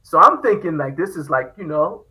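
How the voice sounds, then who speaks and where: A man's voice: a little high, animated, normal speed, sharp tone, low-quality recording. A man hosting a podcast, telling a story in casual chat and acting out the quoted lines. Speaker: podcast host.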